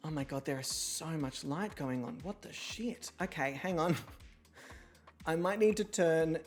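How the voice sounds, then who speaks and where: A woman hosting a livestream, chatting casually, swearing freely and poking fun at herself, with sudden loud excited outbursts. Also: deep voice, unhurried, soft background music. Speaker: streamer hosting an online reality show.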